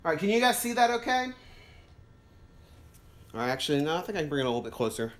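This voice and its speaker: Middle-aged tech hobbyist vlogger, animated rise and fall, giddy thinking-aloud delivery. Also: medium pitch, quick pace. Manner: excitable, thinks aloud, stumbles over words. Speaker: retro computer vlogger. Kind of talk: casual unboxing and setup commentary.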